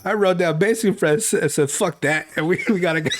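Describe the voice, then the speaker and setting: A man hosting a podcast, retelling a cartoon episode in casual, profane chat, laughing often and slipping into quick character voices. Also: high-pitched, expressive. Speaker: podcast host.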